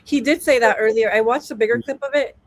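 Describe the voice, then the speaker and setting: A woman on a casual podcast panel, asking questions and thinking out loud. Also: fairly high pitch, quick pace, dry recording. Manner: questioning, thinks aloud with restarts. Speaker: panel guest.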